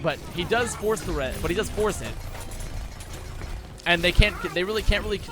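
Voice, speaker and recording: A young man giving a casual esports match breakdown, talking fast and excitably, with frequent swearing and restarts. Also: high voice, over music. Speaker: esports analyst.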